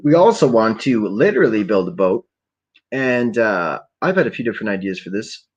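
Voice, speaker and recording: A man's voice: on the low side, sing-song, moderate pace, slightly rough, muffled recording. A man hosting a rambling late-night solo podcast at home on a laptop, swearing constantly and talking while stoned. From Canada. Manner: profane, rambling, stoned, ranting. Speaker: podcast host. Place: home at night, keeping quiet for neighbors.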